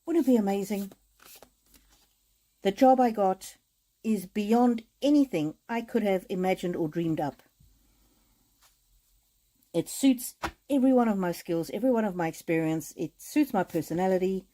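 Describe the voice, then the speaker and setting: A woman chatting with viewers on a live stream as an oracle card reader, speaking in gentle, repetitive affirmations with frequent hesitations. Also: mid-range voice, animated, normal speed, low-quality recording.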